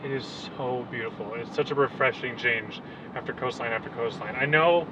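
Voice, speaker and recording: A man's voice: medium pitch, normal speed, recorded from a distance, highs cut off, background noise. A young Canadian man chatting casually through a travel vlog at a desert roadside camp, easygoing and joking. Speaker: vlogger.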